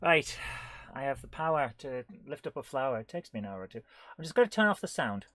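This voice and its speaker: A man's voice: medium pitch, sing-song, quick pace, a bit bright, no echo. A man hosting a live game stream, chatting casually and rambling through jokey rhymes and silly asides while often laughing.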